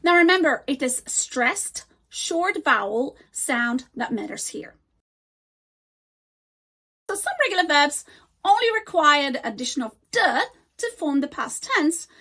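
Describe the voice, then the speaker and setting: A woman teaching an English grammar lesson, slowly and deliberately modeling example words. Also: high voice, a bit bright.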